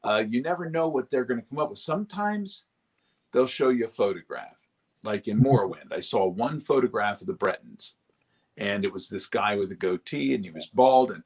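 A man's voice: mid-range voice, expressive, normal speed, breathy edge. A male voice actor talking animatedly in an interview, slipping into character voices as he goes. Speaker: voice actor, guest. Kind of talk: casual interview talk.

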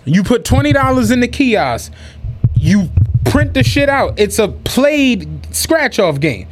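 A man co-hosting a podcast, casually telling a profane, animated story and acting out what people said. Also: extremely high pitch, slow pace, noisy background. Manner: animated, profane, acts out quotes with laughter. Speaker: podcast co-host.

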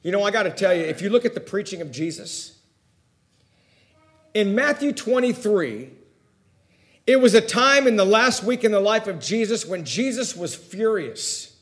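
A man preaching a sermon, telling personal stories, who swings between loud emphatic lines and hushed asides. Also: sits high, expressive, moderate pace.

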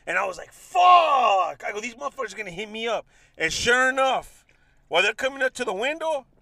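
High-voiced profane man storyteller. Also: expressive, quick pace, sharp tone, no echo. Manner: profane, laughs often, acts out voices in his stories. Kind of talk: casual storytelling chat.

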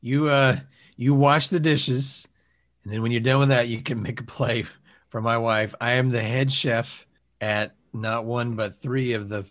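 A man's voice: medium pitch, steady tone, a little slow, a bit bright. A man improvising a comedy sketch, bossy and laughing as he talks. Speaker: podcast co-host.

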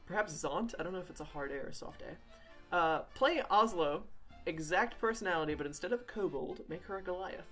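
A playful woman co-hosting a game podcast, reading out listener questions with plenty of giggles. Her voice sits a little low, with faint music running underneath. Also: expressive, brisk, a bit bright. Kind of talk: casual chat.

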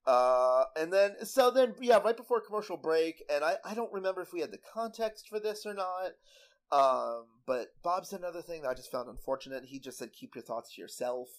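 Chatty man with a higher-pitched voice. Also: lively intonation, brisk. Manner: chatty, laughs often, many fillers and restarts. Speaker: podcast co-host. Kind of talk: casual chat recapping a TV baking show.

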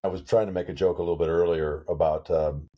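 A man hosting a podcast, speaking in a relaxed, hesitant way with many pauses and fillers. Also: deep voice, lo-fi sound. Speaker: podcast host. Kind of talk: casual podcast conversation.

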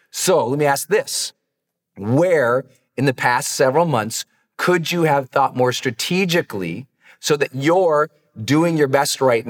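A man talking as a high performance coach in a motivational podcast, earnest and direct, challenging listeners with warm asides. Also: big-room sound.

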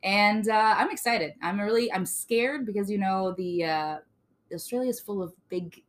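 A woman's voice: medium pitch, a little slow. A woman hosting a true-crime podcast in casual, joking chat, laughing often. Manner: playful, jokey, laughs often. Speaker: podcast host.

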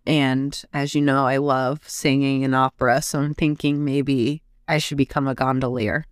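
A woman co-hosting a casual podcast, chatting in an unhurried way and laughing often. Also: very deep voice, little pitch movement, smooth, no echo, clean studio sound. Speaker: podcast co-host. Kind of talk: casual chat. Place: basement podcast room.

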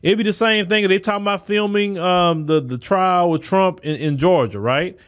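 A man hosts a solo podcast commentary, speaking bluntly and emphatically. His voice sits a bit higher than most men's. He often repeats and restarts words as he drives his points home. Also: moderate pace. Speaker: podcast host. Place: Texas.

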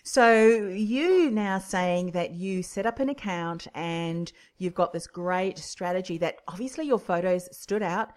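A woman's voice: on the low side, a little slow, hardly any pauses, darkish tone. A woman hosting an interview, enthusiastically summing up the guest's story before asking questions. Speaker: interview host.

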